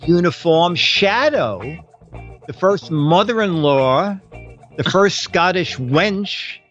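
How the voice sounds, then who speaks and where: Brief: fairly high-voiced male host, chatty and giggly, dull lo-fi stream sound with faint music behind. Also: expressive, slow, a bit bright. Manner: chatty, laughs often, reads game show questions. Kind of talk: casual live-stream chat.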